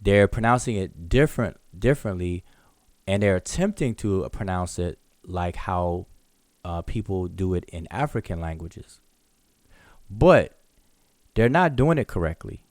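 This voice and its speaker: A man's voice: low voice, lively intonation, unhurried, a little mellow, dry recording, studio quality. A man teaching in a live online question session, explaining patiently, repeating and restarting words and sounding out examples. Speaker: hieroglyphics teacher.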